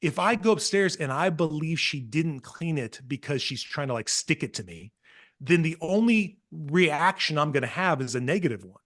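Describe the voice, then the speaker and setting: A man guest on a podcast, telling parenting stories with earnest, animated energy and acting out what others said. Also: fairly high pitch, normal speed. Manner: earnest, animated storytelling, acts out quotes. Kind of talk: casual podcast conversation.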